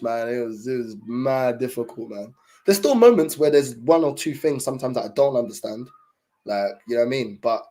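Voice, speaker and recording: A man's voice: mid-range voice, mellow. Laid-back young man streaming. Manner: laid-back slang-heavy talk with many fillers. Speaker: livestream host. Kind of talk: casual livestream chat.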